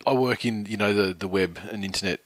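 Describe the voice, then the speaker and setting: A man's voice: on the low side, fast talker, no echo. An Australian man co-hosting a casual sports podcast, rambling and swearing with lots of restarts. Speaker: podcast co-host.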